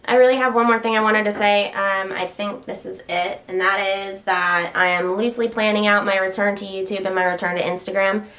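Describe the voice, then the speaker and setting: A woman's voice: mid-range voice, fairly bright tone. A woman casually chatting to the camera at home while standing, slightly out of breath, rambling and interrupting herself with occasional stutters. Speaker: health vlogger.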